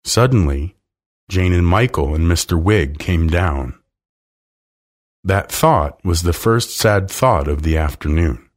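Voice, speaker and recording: A man reading a children's storybook aloud slowly and expressively. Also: deep voice, expressive. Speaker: narrator.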